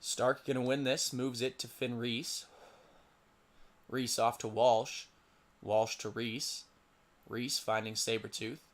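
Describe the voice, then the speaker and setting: Young guy doing casual play by play, mid pitched voice, trips over names and mutters to himself. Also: little pitch movement, slow, long pauses. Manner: stumbles over player names and mutters asides. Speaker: play-by-play commentator for a simulated lacrosse league. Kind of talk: casual solo game commentary.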